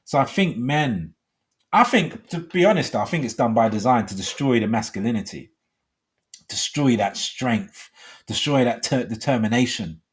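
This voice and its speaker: A middle-aged man hosts a live call-in show and rambles along, padding his speech with "you know" and other fillers. His voice is husky and somewhat breathy, at an ordinary male pitch. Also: expressive, moderate pace.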